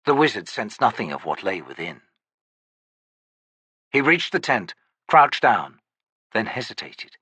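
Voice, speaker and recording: Male narrator, fantasy audiobook, lively melody, bright husky tone. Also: lowish voice, no echo. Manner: measured, expressive storytelling.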